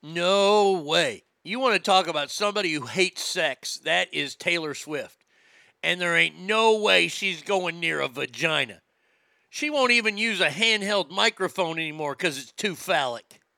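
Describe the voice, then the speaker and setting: Bright, sharp-voiced man ranting crudely. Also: high voice, expressive, measured pace, creaky, no room sound. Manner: loud, profane, mocking, laughs at own jokes. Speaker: comedy podcast host. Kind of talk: crude comedic rant.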